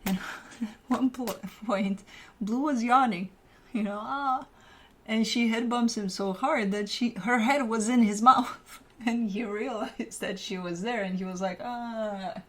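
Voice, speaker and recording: A woman's voice: on the high side, measured pace. Casual female tarot reader, talks off the cuff, meandering and filler-heavy. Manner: rambling, filler-heavy, chatty. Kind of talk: casual tarot reading to camera.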